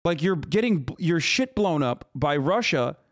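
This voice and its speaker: A man on a live stream rants about the news in an agitated, swearing way. His voice sits a little high for a man. The sound is dry and close, with no room around it. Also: expressive, normal speed, no echo. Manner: agitated, profane ranting. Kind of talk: live stream reaction commentary.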